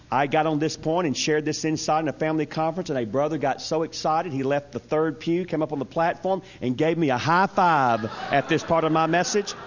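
A man delivers a humorous sermon in a light, slightly high voice. He tells stories to his congregation in a folksy, animated way. The recording sounds dull and lo-fi. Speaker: preacher. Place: church service.

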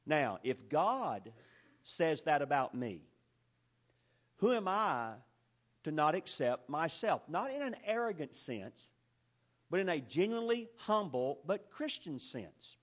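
A man preaching a sermon in an earnest, emphatic way that builds to loud peaks. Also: a little high, big pitch swings, slow pace. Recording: dull lo-fi recording.

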